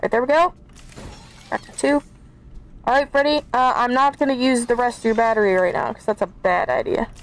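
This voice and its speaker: A woman's voice: a little high, a little fast, pauses often, rough recording. A woman streaming a horror game, chatting to viewers and easily scared as she plays. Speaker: gaming YouTuber. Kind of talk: let's play commentary.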